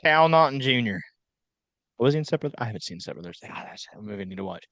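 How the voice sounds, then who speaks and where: A man's voice: mid-range voice, quick pace, no room sound. Young man co-hosting a laid-back podcast. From South Carolina. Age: young adult. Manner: rambling, laughs often, animated storyteller. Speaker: podcast co-host. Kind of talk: casual chat.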